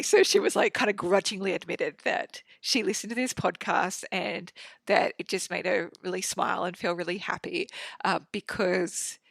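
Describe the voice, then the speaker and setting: A woman's voice: medium pitch, gravelly, a bit bright, no room sound. A woman, hosting a casual solo podcast, chatty and swearing freely with lots of fillers. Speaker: podcast host. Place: home studio.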